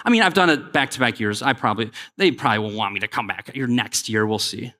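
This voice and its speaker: A man giving a conference keynote, energetic and joking, calling on the crowd to respond. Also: on the low side, quick pace. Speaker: keynote speaker. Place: large conference hall. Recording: long hall reverb.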